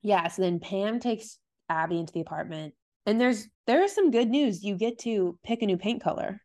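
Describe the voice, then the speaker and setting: A woman co-hosting a podcast, casually recapping a TV episode and slipping into quick quoted voices of the characters. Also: medium pitch, lively intonation, a little mellow. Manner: chatty, retells scenes with quick quoted voices. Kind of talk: casual chat.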